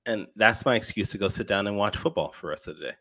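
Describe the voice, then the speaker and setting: A man's voice: lowish voice, fast, bright, forceful tone. A man guesting on a podcast over a video call, bantering casually and laughing easily. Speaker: guest, comic publisher. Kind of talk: casual chat.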